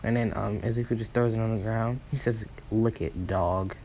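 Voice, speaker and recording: A man telling an improvised fan story off the cuff in a dark, mellow voice. He rambles, restarts and corrects himself constantly, slipping into quick asides for each character's lines. A faint hum sits behind him. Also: on the low side, little pitch movement, poor audio. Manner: rambling, full of fillers and self-corrections. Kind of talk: improvised fan-fiction retelling.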